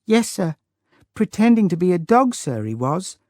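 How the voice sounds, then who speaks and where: A timid young girl, meek and respectful, answering every question with a soft "sir" in a high, small voice, as a male audiobook narrator puts her on. The sound is dry and close, with no room around it. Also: very animated, moderate pace, no echo. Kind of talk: audiobook character voice.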